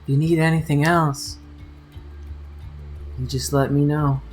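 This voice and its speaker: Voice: mid-range voice, little pitch movement, a little slow, darkish tone, close to an everyday voice. A game master voicing a flirty woman bartender who calls customers honey, with faint guitar music behind. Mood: coy. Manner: sultry, calls people honey.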